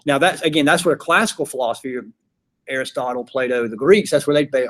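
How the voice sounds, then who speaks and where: A man's voice: mid-range voice, fast, a bit bright. A man giving a casual classroom lecture, chatty, acting out his examples in little voices. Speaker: philosophy teacher.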